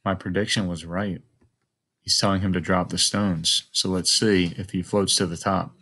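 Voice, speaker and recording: Low-voiced man teaching a class. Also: flat delivery, moderate pace, pushed and bright, slightly rough. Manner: thinks aloud, asks the listener questions. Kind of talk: modeling a close read aloud.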